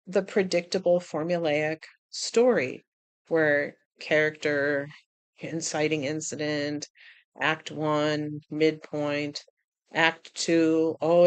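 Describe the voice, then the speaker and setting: A woman vlogger chatting casually about writing, animated, laughing often and acting out little quotes. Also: low-pitched, no echo. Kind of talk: casual chat.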